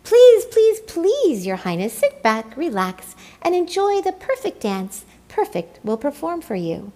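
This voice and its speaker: A woman's voice: sits high, big pitch swings, unhurried, dark tone, voice pushed up. A woman doing gushing, fawning penguins. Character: flock of fawning, excited penguins.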